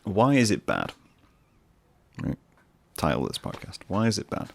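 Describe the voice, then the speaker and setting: A man's voice: low voice, wildly swooping pitch, normal speed, creaky, a little hiss or hum. A man hosting his own podcast, talking casually on his own in a rambling, musing way with self-mocking asides. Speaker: podcast host. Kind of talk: casual solo podcast monologue.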